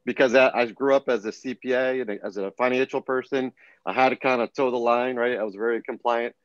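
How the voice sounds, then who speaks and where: A middle-aged man, a podcast guest, telling a personal story in an earnest, animated way, often restarting his sentences. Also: medium pitch, fairly quick, dry recording, dull audio. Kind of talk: casual storytelling interview.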